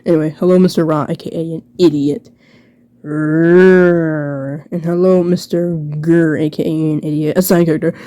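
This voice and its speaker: A woman rambles through a mocking, sarcastic commentary, full of quick restarts and jokey asides. Her voice sits a bit low and sounds dark and mellow. It is recorded dry and close, with no room sound. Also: flat delivery, no room sound. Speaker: video creator reviewing her own old book. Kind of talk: casual commentary reading aloud.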